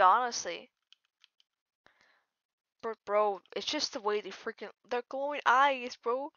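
A woman giving casual gameplay commentary as a channel host, jittery and slangy, dropping from mumbles to sudden yells. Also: fairly high pitch, a little slow, long pauses, no echo, highs cut off. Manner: slangy, keeps saying "bro" and "freaking".

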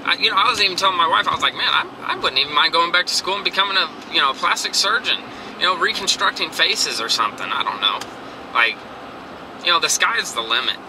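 A man's voice: high-pitched, expressive, quick pace, far from the mic. A man giving a rambling, earnest motivational rant to a handheld camera while out running errands. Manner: rambling, earnest, restarts often. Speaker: vlogger. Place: in a car and outdoors. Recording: noisy car and street background.

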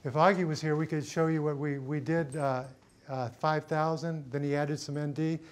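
A man's voice: fairly high pitch, steady tone, normal speed. A middle-aged man teaching a cinematography workshop, thinking aloud with many fillers and restarts as he sets lights in a studio. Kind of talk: hands-on lighting demonstration.

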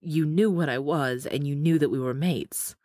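A woman's voice: sits low, moderate pace, warm tone, no room sound, studio quality. A woman voicing an angry, hurt man who speaks in clipped accusations. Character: angry hurt man, a terse bear shifter.

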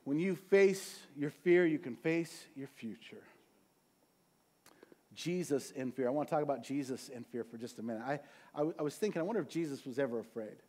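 A man preaching a sermon as pastor, passionate, swinging from quiet, quick asides to loud, drawn-out peaks. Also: medium pitch. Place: church sanctuary.

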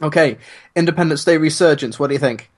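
A man's voice: on the high side, quick pace. A man co-hosting a podcast, talking casually with many ums and a dry sense of humor. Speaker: podcast co-host. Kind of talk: casual chat.

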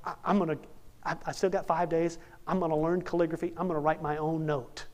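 Young male preacher, fairly high voice, playful storytelling sermon, jokes with his audience. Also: quick pace. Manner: animated, jokey, acts out characters.

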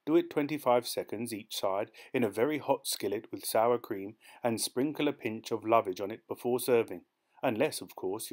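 A man voicing a naive, excitable seventeen-year-old boy who speaks in a fussy, formal way. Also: lowish voice, close to an everyday voice.

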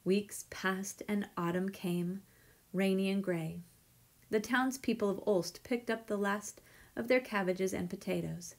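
A woman reading a children's picture book aloud with gentle, measured storytelling. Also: mid-range voice, steady tone.

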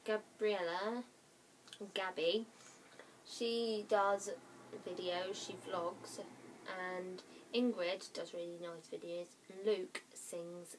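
A woman's voice: fairly low pitch, a little mellow, slight background noise. A young woman talks into her webcam at home in a loose, rambling way. She giggles, apologizes often and sometimes sinks to a whisper. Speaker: vlogger. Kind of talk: casual chatty vlog.

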